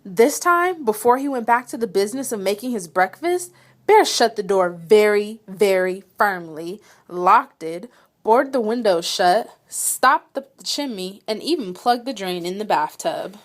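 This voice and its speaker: Expressive woman reading a picture book. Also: medium pitch, a little slow. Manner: expressive, dramatic storytelling. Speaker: read-aloud reader. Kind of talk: children's storybook read-aloud.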